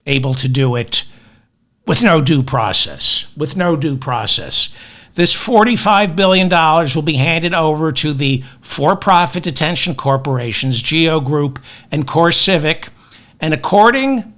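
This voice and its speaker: A man's voice: sits high, bright, forceful tone. A man hosting a comedic news podcast, ranting with sarcastic, self-deprecating asides. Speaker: podcast host.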